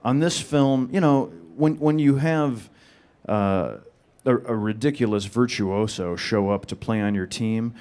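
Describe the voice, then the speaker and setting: A man with a flat, monotone, deadpan delivery, answering audience questions on a panel. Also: medium pitch, unhurried, hardly any pauses, clear, resonant tone.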